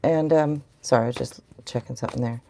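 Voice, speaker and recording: A woman's voice: extremely low pitch, fast, creaky, mellow, slight background noise. A middle-aged woman giving a rambling, chatty live tarot reading and talking to viewers in the chat. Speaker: tarot reader.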